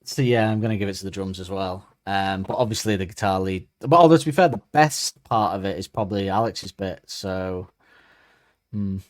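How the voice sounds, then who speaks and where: A man with a fairly low voice talks in loose, meandering podcast chat, often stalling on ums and starting sentences over. The sound is dry and close, with no room around it. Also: normal speed, dry recording. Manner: rambling, hesitant, many ums and restarts. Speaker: podcast co-host. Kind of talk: casual chat.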